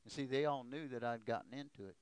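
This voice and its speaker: A man preaching a testimony sermon, telling a story that builds to a shouted exhortation. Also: mid-range voice, fast, smooth, no echo.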